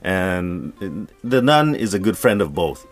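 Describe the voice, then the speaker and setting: Animated male storyteller. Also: low-pitched, faint music behind. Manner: animated, playful, slightly halting English. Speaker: storyteller, co-host. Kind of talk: casual podcast storytelling.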